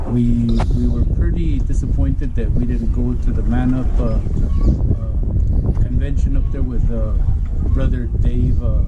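Enthusiastic guy giving a testimonial, very animated, loud noise outside. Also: mid-range voice. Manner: earnest, fervent and enthusiastic. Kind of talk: spoken testimonial. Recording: loud outdoor background noise.

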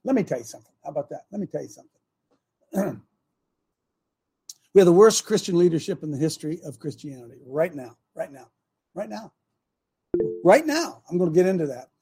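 A man hosting a talk show in a casual, opinionated way, animated, with loud bursts and repeated phrases. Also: fairly high pitch, a little fast, pauses often, husky. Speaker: host.

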